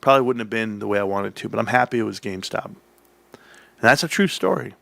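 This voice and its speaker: A man's voice: lowish voice, quick pace, gravelly, dry recording. Dry, close-miked man telling a rambling story. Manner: rambling, animated, with restarts and acted-out dialogue. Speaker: stock channel host. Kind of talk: casual storytelling monologue.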